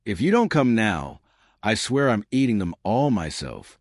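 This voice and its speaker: A man's voice: on the low side, very animated, a little slow, no echo. A man voicing a flustered, clingy young woman who rambles and pleads defensively. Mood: pleading.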